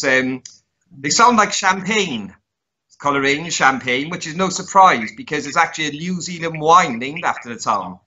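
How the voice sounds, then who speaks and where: A man co-hosting a casual podcast, making dry deadpan jokes with hesitant ums. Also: medium pitch. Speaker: co-host. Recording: slightly dull lo-fi sound.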